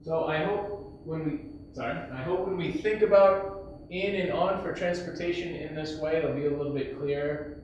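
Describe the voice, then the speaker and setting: A man gives a patient English grammar lesson, his fairly high voice carried from across a very echoey classroom. The sound is dull and lo-fi, with a faint hiss behind him. He now and then bursts into a shouted example to make a point. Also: recorded from a distance. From United States. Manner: patient, explains slowly, acts out shouted examples. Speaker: English teacher.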